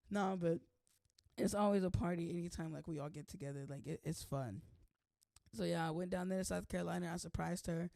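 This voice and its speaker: Gravelly, chatty young woman vlogger. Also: fairly low pitch, fairly quick, mellow, no room sound, studio quality. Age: young adult. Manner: chatty, playful, says "like" constantly. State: slightly hoarse from allergies. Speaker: host. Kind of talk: casual vlog chat.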